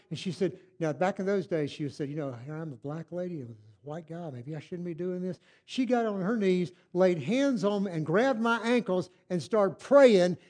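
An older man telling his testimony in a sermon, moving from hushed storytelling to loud, fervent praise. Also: high-pitched. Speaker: preacher.

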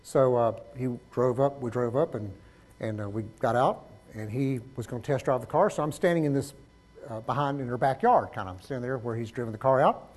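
A male pastor preaches a little fast, swinging from loud exhortation to low, conversational storytelling.

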